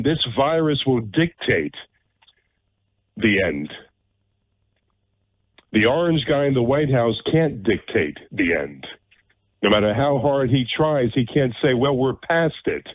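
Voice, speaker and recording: A man's voice: mid-range voice, dry recording. Blunt radio host man, narrow phone-like sound. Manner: blunt, emphatic, repeats phrases for effect. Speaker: radio talk show host. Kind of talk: opinionated talk radio monologue.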